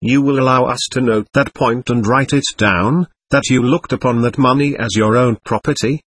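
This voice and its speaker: A man reading the part of an official investigating lawyer who questions in a measured, formal way. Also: mid-range voice, fairly bright tone, husky, no room sound.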